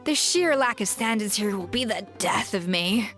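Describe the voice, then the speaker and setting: A woman's voice: medium pitch, expressive, normal speed, fairly bright tone, faint music behind. A woman with a British accent voicing an exacting, haughty female food vendor who complains about lax standards, in video game voice acting. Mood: disdainful.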